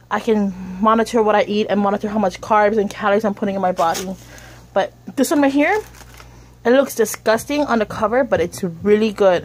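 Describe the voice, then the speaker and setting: A woman's voice: mid-range voice, slight background noise. A woman in a casual home vlog, chatting straight to her viewers through a handheld camera. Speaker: vlogger.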